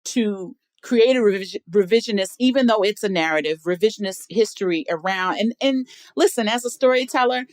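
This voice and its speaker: A middle-aged woman talking on a podcast as a guest, emphatic and animated, spinning her points like a storyteller. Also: mid-range voice, a little fast, hardly any pauses, no room sound. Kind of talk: casual podcast chat.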